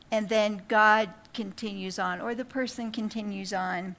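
A woman teaching a Bible study to women, talking casually with quick asides and then reading scripture out with emphasis. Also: medium pitch, flat delivery, a bit bright.

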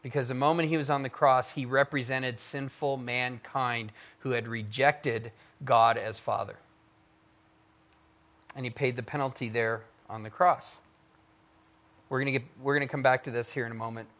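A man teaching the Bible verse by verse, reading passages aloud with fervor and swinging between loud emphasis and quiet asides. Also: medium pitch, fairly even intonation, moderate pace. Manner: reads scripture aloud with fervor.

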